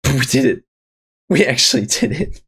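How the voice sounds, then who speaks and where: A young man commenting on his own gameplay, excited and swearing, calling his viewers boys and guys. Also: medium pitch, normal speed, gravelly, husky. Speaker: gaming channel host. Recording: faint music in the background.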